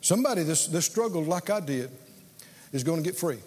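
A man's voice: fairly high pitch, lively intonation, brisk, a little mellow, in a large hall. A man preaching a sermon, telling stories and leading call-and-response with his congregation.

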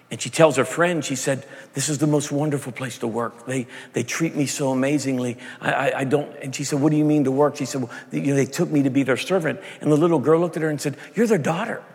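A man preaching a sermon, telling a story softly and then building to shouted, passionate peaks. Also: mid-range voice. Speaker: pastor. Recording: long reverb of a large hall.

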